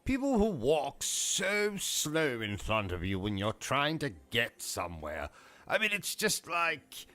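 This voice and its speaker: A British man hosting a gaming livestream, ranting in a pompous, insulting comic persona with deadpan dark humor. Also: on the high side, a little slow. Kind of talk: comic in-character rant.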